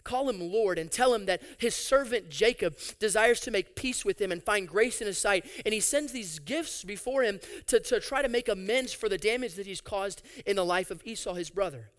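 A man preaching a sermon, reading scripture aloud and adding animated, sarcastic asides. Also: sits high, moderate pace, few pauses. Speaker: pastor.

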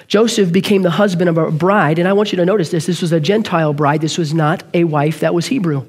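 A male preacher with a high voice tells a story in earnest. He moves quickly and sometimes stops to correct himself mid-sentence. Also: a little mellow, slightly rough. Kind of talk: sermon.

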